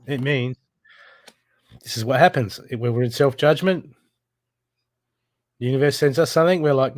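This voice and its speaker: A man's voice: medium pitch, moderate pace, pauses often, dry recording, studio quality. A man giving a live intuitive reading, blunt and urgent, swearing freely as he presses the listener to heal. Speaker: spiritual reader.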